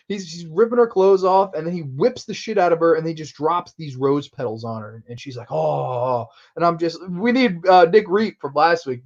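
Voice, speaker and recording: A man hosting a casual horror movie review, excitable and profane, often laughing. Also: a little high. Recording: muffled lo-fi recording.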